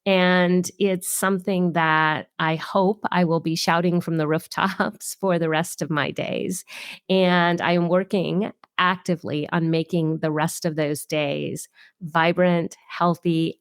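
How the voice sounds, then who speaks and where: A woman's voice: low-pitched, vocal fry, no echo, studio quality. A middle-aged woman hosting a solo podcast, talking in an upbeat, chatty and personal way. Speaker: podcast host.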